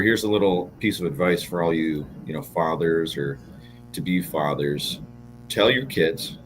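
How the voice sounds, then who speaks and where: A man co-hosting a casual fantasy football show, relaxed and joking, with plenty of fillers. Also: deep voice, a little hiss or hum, poor audio. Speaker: podcast co-host. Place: podcast studio.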